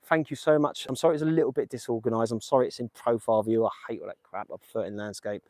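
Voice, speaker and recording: A man's voice: medium pitch, fairly even intonation, racing, darkish tone, no echo. A man from England live-streaming outdoors on his phone, chatting casually with viewers in a rambling, jokey way. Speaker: livestream host visiting graves. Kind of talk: casual live stream chat reading comments. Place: outdoors, windy village. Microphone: phone held in hand.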